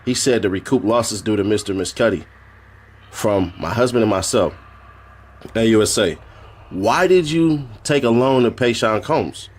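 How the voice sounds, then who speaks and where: A man's voice: fairly low pitch, moderate pace, breathy edge. A man streaming, reading a court transcript aloud in a casual way and breaking off for joking asides. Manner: reads flatly, then breaks off for joking asides and laughs.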